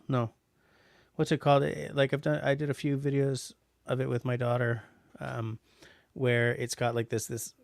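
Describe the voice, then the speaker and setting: A man's voice: mid-range voice, gravelly, darkish tone, no room sound. A middle-aged man from Canada hosting a casual livestream, reading out chat messages and rambling with lots of restarts and fillers.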